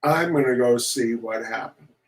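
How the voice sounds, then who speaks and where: A man's voice: medium pitch, normal speed, natural voice. A man reading aloud, voicing a sensible young boy who tries to sound brave and reassuring. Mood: earnest. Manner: doubtful, reassuring.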